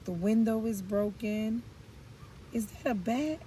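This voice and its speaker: A woman's voice: fairly high pitch, slow, mellow, slight background noise, poor audio. Chatty, blunt woman tarot reader. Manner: chatty and blunt, with frank slang and swearing. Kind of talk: casual tarot reading chat.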